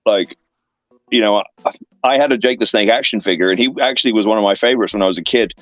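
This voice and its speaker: A man's voice: fairly low pitch, fast, no room sound, dull audio. A man in his thirties with an English accent, a wrestler telling backstage stories in a casual interview, rambling with lots of fillers. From England. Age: 30s. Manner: rambling, filler-heavy anecdotes with lively voiced asides. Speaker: guest, professional wrestler. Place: online interview stream.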